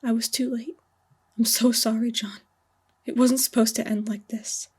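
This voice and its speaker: Brief: woman reading a heartbroken male detective, breathy and cracking, storybook reading. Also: on the high side, flat delivery, normal speed, a little mellow. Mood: sobbing. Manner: sobbing, pleading, cracking voice. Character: grief-stricken adult male detective.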